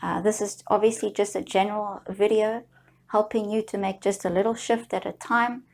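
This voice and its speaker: A middle-aged woman coaching listeners through a guided self-help exercise, speaking slowly in a soothing, gently encouraging way. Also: mid-range voice, flat delivery, vocal fry. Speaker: healing coach.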